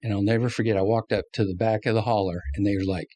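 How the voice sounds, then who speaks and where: A man's voice: lowish voice, moderate pace, no room sound. A man, a former race crew chief, telling stories in an interview, acting out quotes and laughing often. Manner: animated storyteller, acts out quotes, laughs often. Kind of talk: storytelling interview.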